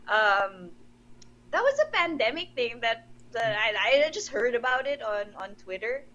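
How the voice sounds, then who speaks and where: A woman's voice: on the high side, sing-song, unhurried, bright, forceful tone, lo-fi sound. A young woman from the Philippines, a wrestler guest in a casual interview, talking with enthusiasm and giggles and often restarting her sentences.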